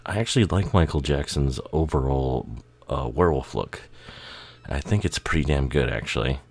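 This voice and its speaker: A man's voice: rumbling low, moderate pace, gravelly, darkish tone, dry recording. A man giving casual, rambling commentary over a music video, swearing and laughing, a bit tired and tipsy.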